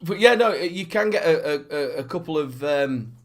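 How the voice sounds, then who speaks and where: A man's voice: fairly high pitch, expressive, normal speed. A man, co-hosting a casual podcast chat, giggling and rambling with fillers. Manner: giggly, laughs through his words, rambling with fillers. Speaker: show co-host.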